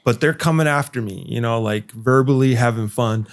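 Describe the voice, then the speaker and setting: A man's voice: medium pitch, normal speed. Profane man telling a wild story. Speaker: podcast host. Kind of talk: casual storytelling.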